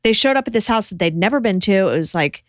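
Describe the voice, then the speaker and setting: A woman co-host in casual podcast chat. She tells a story animatedly and fills it with "like" asides. Her voice sits at a middle pitch and sounds dry and close, with no room echo. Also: animated, quick pace.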